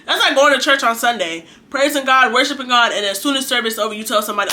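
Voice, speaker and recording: With a slightly high, sharp voice, this young woman talks a little fast and animatedly. As a faith vlogger, she gives her viewers an earnest, chatty talk about faith, a casual preachy monologue that is exhorting and conversational.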